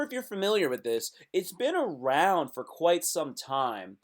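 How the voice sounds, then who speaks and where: A man's voice: a little high, sing-song, measured pace. A man hosting a casual live stream, reacting aloud to web posts in a loose, slangy way.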